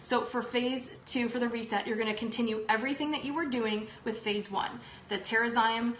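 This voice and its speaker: A woman's voice: on the high side, fairly even intonation, fairly quick, a bit bright. Chatty woman in an echoey room. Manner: upbeat and chatty, many ums. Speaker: host. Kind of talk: casual livestream product talk. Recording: echoey room with faint background noise.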